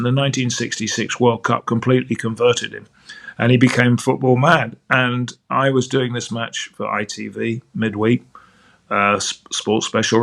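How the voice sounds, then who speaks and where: An older man, a sports broadcaster, telling an anecdote as a lively raconteur who repeats words as he goes. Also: medium pitch, creaky. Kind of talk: anecdotal storytelling.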